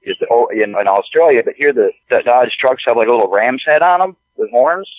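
A man talking as a podcast guest, halting and stammering, often repeating words as he speaks. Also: mid-range voice, expressive, no room sound. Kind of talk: casual conversation. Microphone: phone call. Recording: tinny phone line, dry.

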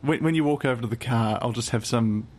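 A man's voice: mid-range voice, quick pace, music in the background. A man co-hosting a comedy podcast, improvising gags and laughing. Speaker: podcast co-host. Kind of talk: casual comedic chat.

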